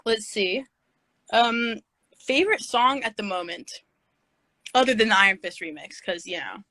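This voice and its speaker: Bright-voiced woman hosting a casual phone livestream. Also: medium pitch, moderate pace, no room sound, poor audio. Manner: giggly, scattered, reads fan questions aloud. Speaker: livestream host. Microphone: phone video stream.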